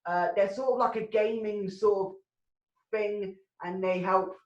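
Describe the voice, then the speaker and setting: Brief: woman MC, rambling sweary rants, middle pitch, roomy home video-call sound. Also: fairly even intonation, unhurried, darkish tone, lo-fi sound, a little hiss or hum. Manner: sweary, ranting, laughs at own jokes. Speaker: comedy show MC. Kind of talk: casual rambling stand-up hosting.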